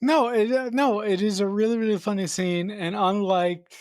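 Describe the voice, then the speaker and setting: Enthusiastic, swearing podcast co-host. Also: male voice, high-pitched, fairly even intonation, normal speed, darkish tone, no room sound, studio quality. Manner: enthusiastic, swears for emphasis, restarts phrases. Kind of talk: casual film discussion.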